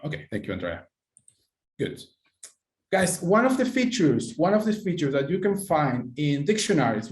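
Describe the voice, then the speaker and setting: Man teaching pronunciation in an echoey room. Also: fairly high pitch. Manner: patient, encouraging, calls on students by name. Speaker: English teacher. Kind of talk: online pronunciation class. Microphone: computer mic on a video call.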